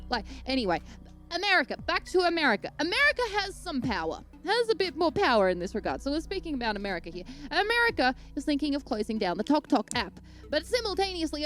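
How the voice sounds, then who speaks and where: A woman's voice: a little high, fairly bright tone. A young Australian woman giving a comedic rant, digressing and mocking people in put-on voices.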